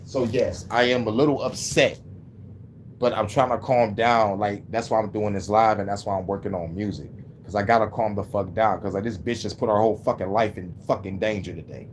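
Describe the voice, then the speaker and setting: A man's voice: fairly low pitch, fairly even intonation, brisk, slight background noise. A man talking casually on his livestream, rambling and venting with heavy swearing. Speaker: livestreaming musician.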